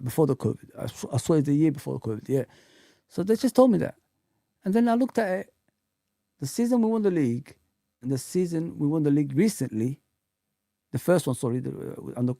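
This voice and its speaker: Gravelly, heated man ranting. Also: fairly high pitch, no room sound. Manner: heated swearing rant, shouts when angry. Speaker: fan channel host. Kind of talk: live chat rant.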